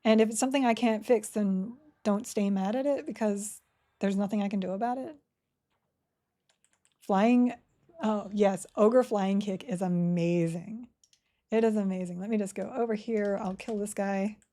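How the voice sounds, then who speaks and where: A woman's voice: mid-range voice, fairly even intonation, normal speed, dark tone. A woman live-streaming a game, chatting cheerfully and answering questions from chat as she plays. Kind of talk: casual live-stream chat while playing.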